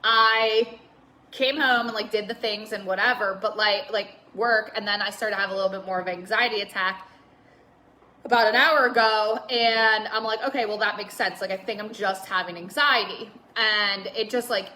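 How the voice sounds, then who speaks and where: A woman's voice: medium pitch, steady tone, moderate pace, bright, forceful tone, slight background noise. A young woman talking candidly on a live stream, rambling with lots of filler words and some swearing. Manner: reads out viewer comments. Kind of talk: casual Facebook Live chat.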